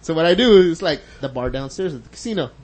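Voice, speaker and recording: A man's voice: fairly high pitch, expressive, fast, a little mellow, slight background noise. A man and podcast co-host telling a rowdy party story in casual chat, swearing a lot and laughing through it.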